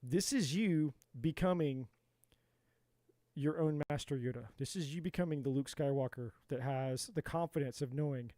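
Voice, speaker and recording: A man's voice: on the high side, normal speed, mellow, dry recording. A man giving a live-stream tarot reading in an emphatic, repetitive, motivational way. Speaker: tarot reader.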